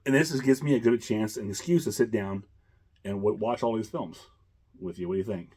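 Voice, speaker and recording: A man's voice: fairly low pitch, fairly quick, warm tone, husky. A man hosting a casual chat, rambling with many fillers and chuckles. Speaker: host.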